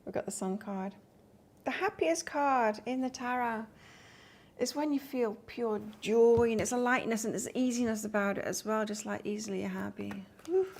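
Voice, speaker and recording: A woman from England runs a live tarot reading, her fairly high voice carrying a gravelly, fry-laden texture. She chats casually between cards, upbeat and conversational, with a faint hum of noise behind her. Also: unhurried, a little mellow. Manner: chatty and upbeat, reads out cards and answers comments. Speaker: tarot reader. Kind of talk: live-stream tarot reading with viewer chat.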